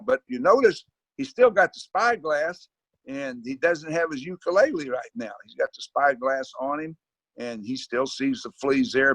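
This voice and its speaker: A man's voice: medium pitch, a bit bright, no room sound. An older man reading a children's picture book aloud at home, wandering into chatty asides and stumbling over frequent fillers and restarts. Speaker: guest reader.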